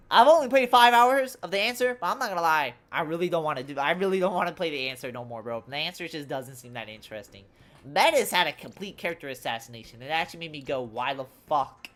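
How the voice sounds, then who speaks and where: Deep-voiced and fast, a young woman gaming on a live stream rants casually about the characters. She's animated and profane and keeps saying "bro."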